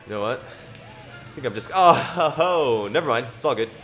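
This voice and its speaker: A man's voice: mid-range voice, brisk, a bit bright, soft background music. A man streaming alone, reading scripture aloud and chatting casually, rambling to himself and chuckling often.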